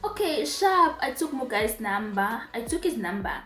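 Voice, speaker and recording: A young Zimbabwean woman telling a storytime vlog casually, with animated, emphatic repetitions. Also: on the high side, moderate pace. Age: young adult. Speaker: vlogger. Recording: roomy echo, faint music.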